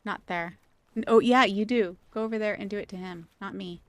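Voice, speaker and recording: A woman's voice: mid-range voice, a little fast, no room sound. A woman streaming a video game, chatting casually and playfully with her viewers and laughing often. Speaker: gaming streamer.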